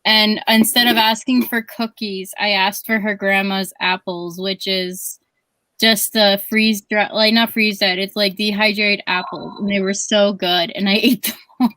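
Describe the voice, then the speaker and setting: A woman co-hosting a casual chat stream, telling stories in an animated way with frequent laughs. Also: medium pitch, a little slow, no echo. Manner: animated storyteller, laughs often. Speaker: co-host.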